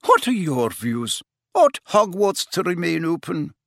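A man voicing a stern, brisk elderly headmistress witch in an audiobook, crisp in manner. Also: on the low side, very animated, no echo, studio quality, pitched above the performer's own voice, heavily acted.

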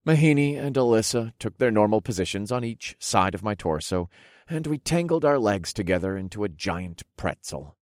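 Male audiobook narrator, low and expressive, relaxed wry first-person delivery. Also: moderate pace, no room sound, clean studio sound.

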